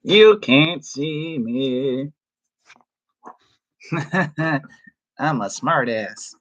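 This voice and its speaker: A man chatting casually on a live stream from his room, excitable and chatty, laughing often. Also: medium pitch, extremely slow. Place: home room.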